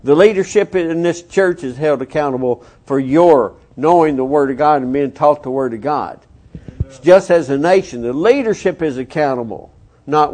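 A male pastor reads scripture and breaks in with folksy asides to the congregation. His voice is fairly high for a man. He acts out the quoted lines as he reads. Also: moderate pace, darkish tone. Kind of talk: sermon, Bible reading with commentary.

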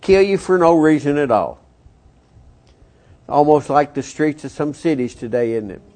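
A male pastor reads scripture and breaks in with folksy asides to the congregation. His voice is fairly high for a man. He acts out the quoted lines as he reads. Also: expressive, moderate pace, mellow. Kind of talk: sermon, Bible reading with commentary.

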